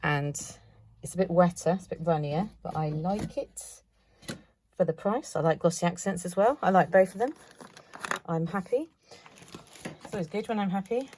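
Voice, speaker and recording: Give me a chatty woman with a low voice, rambling through her craft haul with a faint hiss behind. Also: normal speed, pauses often, darkish tone. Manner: chatty, thinks aloud, self-mocking asides. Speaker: craft vlogger. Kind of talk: casual chatty haul video.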